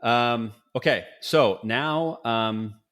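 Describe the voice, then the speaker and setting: A middle-aged man hosting a podcast in a casual, upbeat and jokey way, firing off quick quiz questions. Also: mid-range voice, a bit bright. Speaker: podcast host. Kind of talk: casual interview talk.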